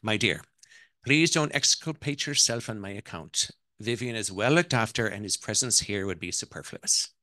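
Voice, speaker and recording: A fierce old Irish noblewoman, widowed and proud, as a man reads her aloud. She declaims grandly in a put-on Irish lilt, a fairly low voice in a dry, close sound, like a storybook read at a bookshop. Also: lively intonation, normal speed, bright, forceful tone, no echo. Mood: imperious.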